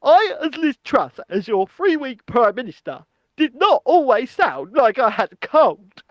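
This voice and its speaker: A man's voice: very high voice, big pitch swings, unhurried, dry recording, lo-fi sound, voice pushed up, heavily acted. A man putting on a nasal, blocked-nose impression of a female former prime minister, mock-indignant.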